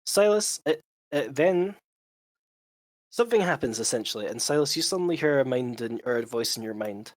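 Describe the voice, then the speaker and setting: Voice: mid-range voice, animated, moderate pace, no echo. Game master narrating rules and scenes. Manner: explanatory, with frequent fillers.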